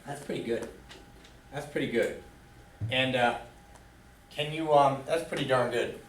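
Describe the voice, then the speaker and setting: A man's voice: mid-range voice, a little slow, slight background noise. A man teaching a math class in a classroom, quizzing students with fill-in questions. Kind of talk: classroom lecture. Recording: echoey room, far from the mic.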